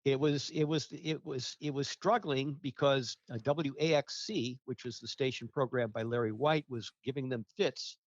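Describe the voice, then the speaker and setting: A man's voice: medium pitch, steady tone, normal speed, hardly any pauses, no echo. Man with a dull, dry recorded voice. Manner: rambling, full of fillers and restarts. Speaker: guest, radio ratings researcher. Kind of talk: casual interview talk.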